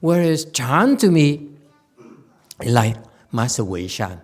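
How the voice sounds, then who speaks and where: Buddhist teacher guy giving a chan talk, slow, teasing, laughs a lot, voice swings up and down. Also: mid-range voice, slightly rough. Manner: animated, teasing, laughs often.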